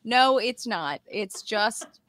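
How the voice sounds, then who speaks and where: Lively, animated woman chatting on a podcast. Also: fairly high pitch, takes it slowly, dry recording. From Los Angeles, California. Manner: animated storytelling, acting out quotes with laughter. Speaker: guest host. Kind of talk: casual podcast chat.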